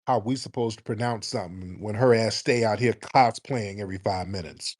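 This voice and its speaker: Brash, profane talk show host. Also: male voice, mid-range voice, fairly quick, a little mellow. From United States.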